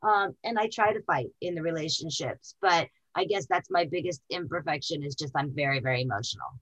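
A woman's voice: low voice, a little fast, a bit bright, poor audio. A middle-aged woman speaking candidly as an interview guest, emotional and full of fillers and restarts.

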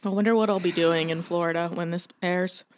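A young woman with a fairly low, fairly even voice talks quickly over a slight hiss or hum. Co-hosting a podcast, she chats casually and swears freely while acting out stories about her family members.

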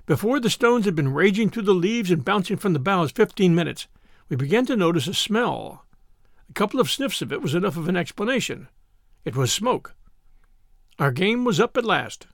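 A man narrating a classic novel as an audiobook, with an expressive, dramatic reading. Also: high voice, gravelly, dry recording, clean studio sound. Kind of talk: scripted storybook narration.

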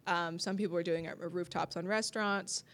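A woman's voice: on the low side, steady tone, brisk, fairly bright tone. A woman comedian in casual conversation, often laughing and acting out the people she quotes. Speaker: comedian, podcast guest. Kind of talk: casual chat.

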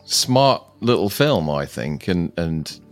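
A man's voice: deep voice, sing-song, takes it slowly, soft background music. A man co-hosting a casual chat about films, rambling and often circling back to finish his thought, with frequent chuckles. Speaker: co-host discussing films.

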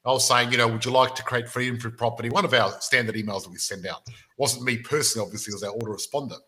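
A man hosting a casual podcast, telling jokey stories in an animated way. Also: medium pitch, rapid-fire, poor audio. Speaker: podcast host.

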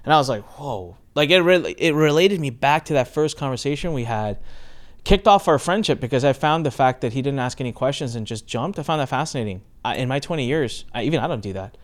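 A podcast host in his forties, a man who tells stories with animated energy and slips into quoted voices. His voice sits at an ordinary middle pitch. He talks in a loose, conversational way. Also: fast. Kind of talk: casual interview intro.

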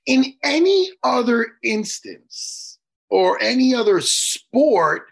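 Woman, host, lively pitch, husky, encouraging, casual swearing. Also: slow, poor audio. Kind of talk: casual interview chat.

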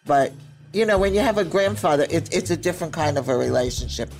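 An older woman and grandmother telling family stories with a lively, laughing delivery and acted-out quotes. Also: low voice, a little fast, soft background music. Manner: lively storyteller who laughs easily and acts out quotes. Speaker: grandmother interviewed by her grandson. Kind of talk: family storytelling.

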